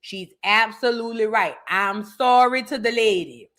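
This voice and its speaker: Brief: woman host, reaction-show chatter, bright and higher voice, playful and dramatic. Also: normal speed. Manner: animated, playful, dramatic, breaks into singing. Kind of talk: casual commentary.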